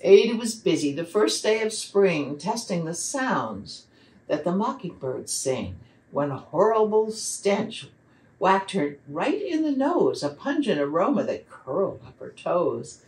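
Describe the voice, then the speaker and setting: Woman reading verse and a picture book to children, slow and expressive, lower voice, roomy distant sound. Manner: slow, expressive read-aloud delivery. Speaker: children's program facilitator.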